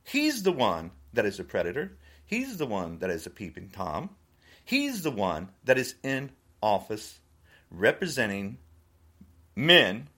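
A man's voice: fairly low pitch, fairly bright tone. A man giving an indignant opinion monologue, laughing between his points.

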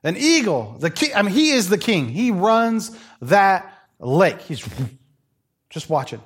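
Animated, conversational male preacher. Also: high voice, a little slow, slightly rough. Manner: animated, conversational storytelling with playful asides. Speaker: pastor. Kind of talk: sermon.

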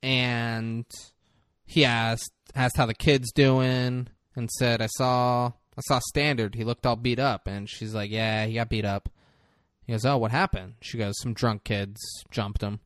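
Casually swearing his way through a film's plot, a male podcast co-host slips into character voices as he chats. He has a mid-range, fairly bright voice with a steady tone and measured pace, captured in clean, echo-free studio sound.

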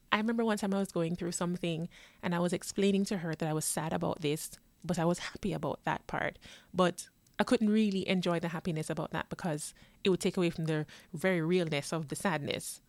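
A woman's voice: fairly low pitch, no echo. A young woman born in New York and raised in Jamaica, hosting a casual solo podcast and chatting animatedly about herself. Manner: chatty and animated, acting out others' lines with laughs. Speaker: podcast host.

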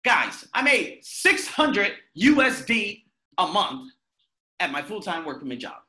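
A man's voice: sits high, very animated, unhurried, pushed and bright. A man hosting a self-help podcast, talking bluntly and with lots of swearing. He asks himself questions and answers them in a candid motivational monologue.

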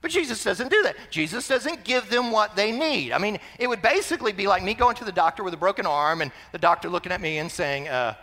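A male pastor preaching a sermon in an animated way, full of rhetorical questions. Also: high-pitched, fast talker, hardly any pauses, big-room sound.

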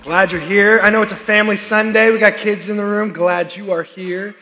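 A worship pastor in his thirties preaches a sermon in a high, bright voice, chatty and animated with plenty of fillers. He is unwell and keeps working to clear his throat. His voice rings out with the long reverb of a large hall. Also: brisk, soft background music. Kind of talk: sermon with personal storytelling. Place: church service.

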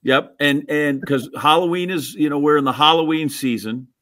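A middle-aged man from Wisconsin, co-hosting a podcast and telling a childhood story in an animated, mock-indignant, self-mocking way. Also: on the high side, moderate pace, a little hiss or hum. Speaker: podcast co-host. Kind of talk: casual storytelling chat.

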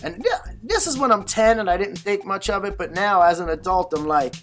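A man's voice: high-pitched, expressive, brisk, few pauses, fairly bright tone, soft background music. An adult man telling a personal story in a candid, conversational way, swearing often and using many fillers. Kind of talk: casual storytelling monologue.

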